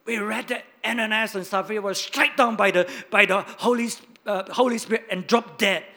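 A male pastor preaching a sermon, hitting key words loudly and dropping to quiet asides. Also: high voice, fairly even intonation, moderate pace. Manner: emphatic, swings between loud stresses and quiet asides.

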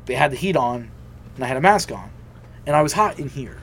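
A man's voice: mid-range voice, brisk, a little hiss or hum. A young man telling a personal story in casual chat, swearing freely and acting out what others said. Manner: profane, animated, acts out quoted voices.

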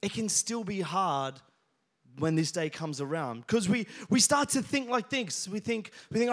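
A pastor with a high-pitched, slightly bright voice preaches at a measured pace, his intonation lively. He tells funny stories to the congregation in a church hall, joking and addressing them by name.

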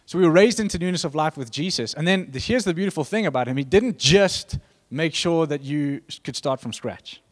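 A man's voice: on the high side, expressive, a little fast, hardly any pauses. A man preaching a sermon in a conversational, rambling way, restarting his sentences and breaking into asides.

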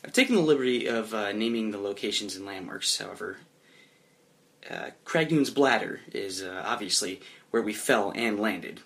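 A man's voice: lowish voice, vocal fry. A young man narrating his character's actions in a comedic tabletop role-play, chuckling as he goes. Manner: animated, chuckling, drops into quick voiced asides.

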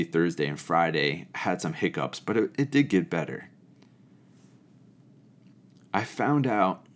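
A man with a low, deep voice tells a story from his camp counselor days. He is animated and expressive, then shifts into reflective spiritual musing. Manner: animated and expressive, acting out quoted people. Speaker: storyteller sharing a camp memory.

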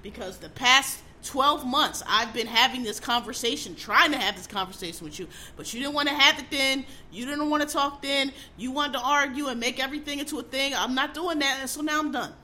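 A woman's voice: sits high, fairly quick, hardly any pauses, pushed and bright, a little hiss or hum. A middle-aged woman ranting casually as a host, blunt, profane and exasperated, hammering her points by repeating them. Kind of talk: casual opinion rant.

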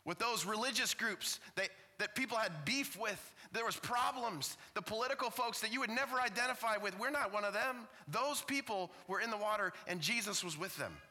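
A man's voice: sits high, moderate pace, few pauses, sharp tone, long reverb tail. A man preaching a sermon as pastor in a church, impassioned, asking the same questions again and again.

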